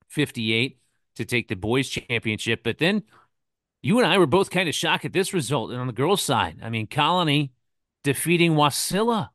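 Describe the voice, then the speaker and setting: A man's voice: medium pitch, fairly bright tone, no room sound, studio quality. A man co-hosting a sports podcast, recapping scores in an easygoing way and turning to his co-host with questions. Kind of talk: casual sports talk.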